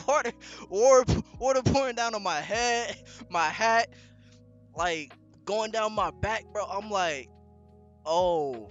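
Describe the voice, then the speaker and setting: A young man casually telling a story on a podcast, slangy and animated, with lots of fillers. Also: high voice. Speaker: podcast co-host.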